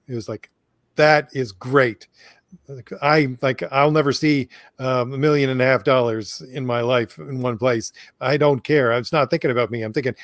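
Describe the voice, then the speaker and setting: A man in casual chat, speaking in a hesitant, halting way. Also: medium pitch, no echo, clean studio sound. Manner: hesitant, halting speech with fillers.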